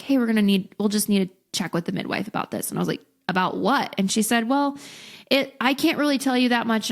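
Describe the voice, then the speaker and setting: A young adult woman, a podcast guest, telling a personal story in a candid, expressive way and acting out what people said. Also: mid-range voice. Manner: candid, expressive, acts out quotes. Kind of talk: casual storytelling.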